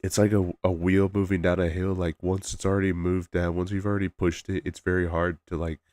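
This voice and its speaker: Male streamer with a low, mellow voice, halting and soft-spoken, casual stream chat. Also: flat delivery, no room sound.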